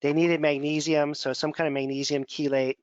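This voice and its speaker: Male instructor, mid-pitch, chatty digressive lecture, dry and muffled audio. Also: little pitch movement, normal speed, smooth, no room sound. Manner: conversational, digressive, repeats words while thinking. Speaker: functional medicine instructor. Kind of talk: casual lecture over slides. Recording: dull, dry lo-fi sound.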